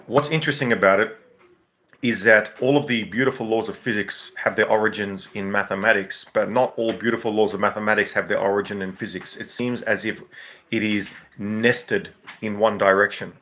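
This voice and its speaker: Guy rambling through a reflective solo talk, lowish voice but bright and forceful, lectures with lots of asides. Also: steady tone, a little fast, slight background noise. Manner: rambling, professorial, explains with asides. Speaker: podcast host. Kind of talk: unscripted reflective monologue.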